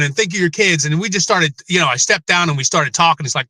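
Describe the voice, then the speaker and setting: A middle-aged man with a bright, forceful voice, pitched a bit high, tells his own hard story as an interview guest. He rambles, restarts his sentences and swears freely. The sound is dry and close. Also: fast, few pauses, no echo. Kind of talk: candid personal interview.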